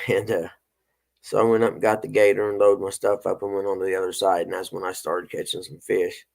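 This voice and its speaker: A middle-aged man hosts a casual morning chat in a low, gravelly voice. He rambles through folksy stories in an easygoing way. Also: level tone, a little fast, darkish tone. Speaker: host.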